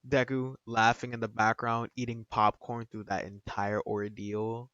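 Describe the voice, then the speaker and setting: A man's voice: on the low side, level tone, a little slow, fairly bright tone, no echo. A man casually retelling a fan story in a rambling, slangy way with many fillers. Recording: dull, dry lo-fi recording.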